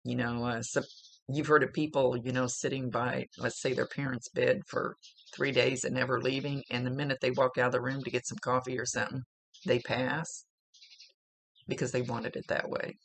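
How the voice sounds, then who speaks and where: A woman's voice: rumbling low, little pitch movement, moderate pace, gravelly, slightly rough, no echo. A woman working as a psychic medium, talking through a spiritual reading in a rambling, casual way, often searching for words.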